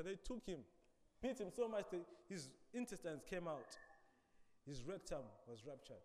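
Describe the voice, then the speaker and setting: A man preaching a sermon, dramatic, swinging between loud emphasis and quiet asides. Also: on the high side, animated, normal speed, big-room sound.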